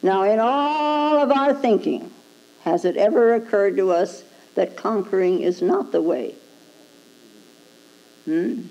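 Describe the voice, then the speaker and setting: A woman's voice: mid-range voice, mellow, lo-fi sound. A woman Zen teacher giving a dharma talk, prodding her listeners with rhetorical "hmm?" questions and chuckling at her own points.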